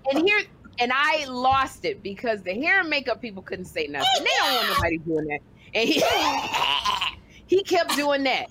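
A woman co-hosting a talk show, telling a story in a lively, casual way and acting out other people's voices as she goes. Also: sits high, normal speed, background noise.

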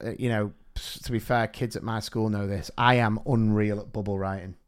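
A man, a teacher co-hosting a podcast, telling anecdotes in an animated, quick way. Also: lowish voice, smooth. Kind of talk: casual chat, anecdote telling.

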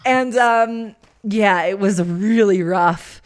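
A young woman hosting a casual podcast chat, telling her stories with lots of energy and frequent laughter. Her voice sits at an ordinary middle pitch for a woman, and she swings it up whenever a story gets exciting. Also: takes it slowly. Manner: animated storyteller, laughs often. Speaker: podcast host.

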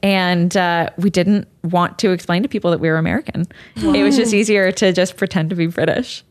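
A woman in her thirties chatting on a podcast in a slightly low voice. She rambles loosely, restarting sentences and leaning on fillers as she goes. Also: brisk. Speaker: podcast co-host. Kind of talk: casual chat.

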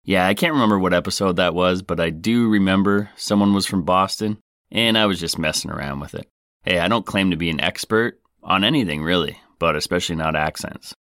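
A man's voice: deep voice, a bit bright, no room sound, clean studio sound. A man hosting a comedy podcast, joking and playful as he tells stories. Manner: jokey, playful, quick swings in delivery. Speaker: podcast host.

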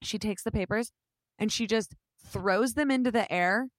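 Young woman, twenties, podcast co-host; animated storyteller who acts out quotes; dry recording. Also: mid-range voice, moderate pace, dry recording. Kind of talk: casual chat.

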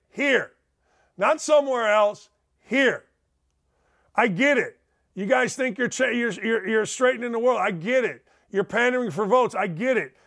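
A middle-aged man with a very high, slightly bright voice hosts a sports talk show from his home studio. He rants emphatically and sarcastically, wandering off on tangents.

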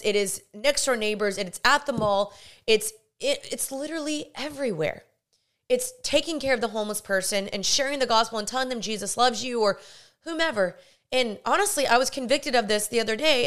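A woman's voice: a little high, a bit bright. A young woman hosting a podcast, telling a personal faith story in an earnest, rambling way, with many fillers and restarts. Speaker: podcast host.

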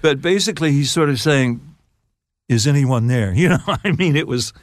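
An older man, a songwriter guest on an interview show, telling stories in a halting, laughing way. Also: fairly high pitch, no room sound. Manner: halting, restarts phrases, laughs while telling. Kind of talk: casual storytelling interview.

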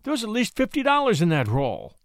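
A guy doing a young lawyer in a story, wry and out of breath, kinda high voice. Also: wildly swooping pitch, brisk, no echo, clean studio sound, heavily acted. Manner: panting, dryly humorous. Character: young male attorney, gallant, wry.

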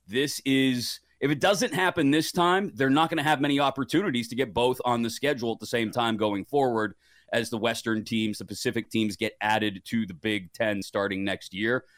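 A guest sports betting analyst gives his college football picks on a betting show, chatting casually and animatedly while cracking self-deprecating jokes. His voice is medium-pitched at a moderate pace, recorded cleanly in a studio with no room sound.

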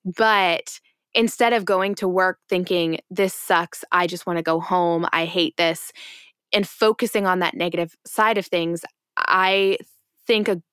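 A young woman co-hosting a faith-based podcast, telling a personal story in an earnest, reflective way and slowing down on key points. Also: lowish voice, fairly even intonation, fairly bright tone, clear, resonant tone, dry recording, studio quality. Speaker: podcast co-host.

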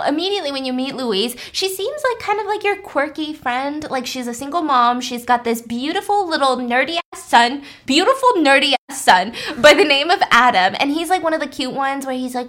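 A woman vlogger retelling a TV series plot in an animated, chatty way with casual swearing. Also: fairly high pitch, fairly quick. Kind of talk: casual storytelling recap.

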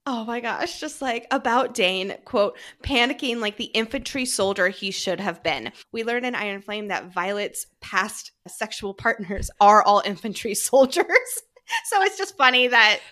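Woman in her thirties, podcast co-host, bright tone, giggly and chatty. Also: mid-range voice, animated, moderate pace. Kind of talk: casual book chat.

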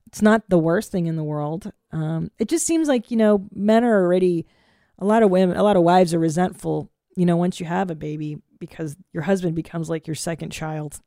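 A woman in her forties hosting a podcast, chatting casually and telling stories in a profane, self-mocking, animated way. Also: medium pitch, no echo, studio quality. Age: 40s. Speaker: podcast host. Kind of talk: casual solo chat.

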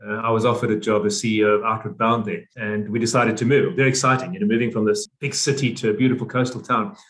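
A man's voice: fairly low pitch, fairly even intonation, fast, fairly bright tone. Earnest South African man, repeating phrases. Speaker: guest. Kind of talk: interview conversation.

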